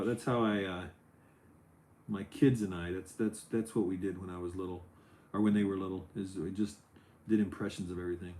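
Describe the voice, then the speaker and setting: A middle-aged man hosting a casual Lego building livestream, loose and chatty, his voice jumping up when he gets excited. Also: low-pitched. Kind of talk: casual chat while building. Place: home office.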